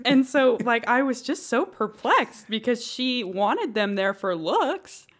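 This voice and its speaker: A woman's voice: fairly high pitch, lively intonation, takes it slowly. A woman with a Northwest Arkansas accent, chatting casually and giggling often, thinking aloud with many fillers. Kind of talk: casual podcast chat.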